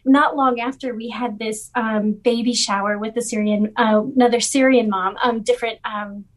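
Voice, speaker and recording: A woman guest from a refugee ministry recounts stories with eager, heartfelt enthusiasm, peppering her talk with ums and you-knows. Her voice sits a little higher than most. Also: fairly even intonation, normal speed. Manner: warm, enthusiastic storyteller with many fillers. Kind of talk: storytelling in an interview.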